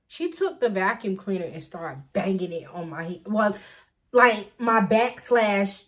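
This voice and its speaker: A woman's voice: medium pitch, lively intonation, measured pace, fairly bright tone. A young adult woman telling a personal story casually to her viewers, chatty and digressive, addressing them again and again. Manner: chatty, digressive, says "y'all" constantly. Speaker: storytime vlogger.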